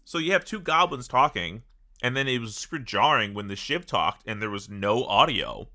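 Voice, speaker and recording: A man co-hosting a gaming podcast with a bright, forward voice that swings widely in pitch. He talks expressively and casually, with a fair bit of swearing. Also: animated, normal speed. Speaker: podcast co-host.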